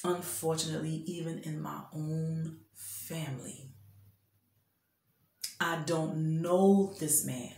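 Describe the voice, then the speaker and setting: A woman in her fifties delivers an emphatic, preachy talk, scolding and pleading with her listeners. Her voice sits fairly low for a woman. The sound carries the echo of the room around her. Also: fairly even intonation, slow, creaky, warm tone. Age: 50s. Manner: preachy, emphatic, addresses men directly. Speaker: vlogger giving faith-based advice. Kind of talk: impassioned spoken exhortation.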